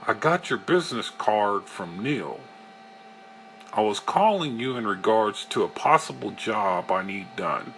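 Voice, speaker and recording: A man voicing a pushy middle-aged male client who talks briskly and eagerly on the phone, in a storybook reading. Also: lowish voice, lively intonation, creaky, fairly bright tone, slight background noise, exaggerated voice.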